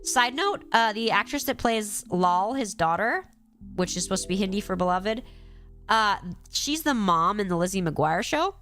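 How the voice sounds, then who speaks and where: Congested female streamer, animated and gushing, mid-pitched, faint music underneath. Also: normal speed. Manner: animated, gushing, acts out quoted lines. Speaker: streamer ranking episodes. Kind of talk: casual live-stream chat.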